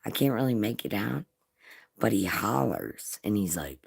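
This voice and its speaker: A woman's voice: a bass voice, sing-song, moderate pace, gravelly, a little mellow, breathy edge, dry recording, studio quality. A woman hosting a casual livestream, reading chat and telling stories with frequent swearing and laughter. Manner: crude, swearing, laughing often.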